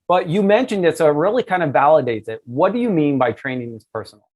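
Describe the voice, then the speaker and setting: A man's voice: fairly high pitch, lively intonation, fast talker, darkish tone. Upbeat man hosting an interview. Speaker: podcast host. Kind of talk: casual interview talk.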